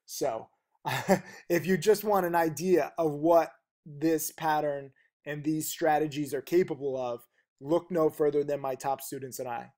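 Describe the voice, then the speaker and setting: Man, trading teacher, slightly high voice, rapid and blunt delivery. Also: darkish tone. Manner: rapid, emphatic and blunt, with fillers. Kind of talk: fast-talking video lesson.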